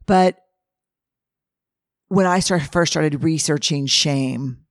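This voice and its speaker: A hoarse woman hosting a podcast, telling animated stories in a casual monologue and acting out what people said. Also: sits low, slow, dry recording, clean studio sound. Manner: animated storyteller who acts out quotes, with frequent restarts. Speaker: podcast host and researcher. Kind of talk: casual monologue answering listener questions.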